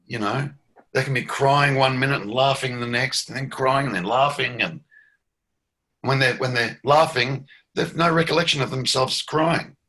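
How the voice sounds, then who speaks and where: A man's voice: medium pitch, normal speed, pushed and bright. A man leading a satsang dialogue as a spiritual teacher, reflective and emphatic, often laughing, on a video call.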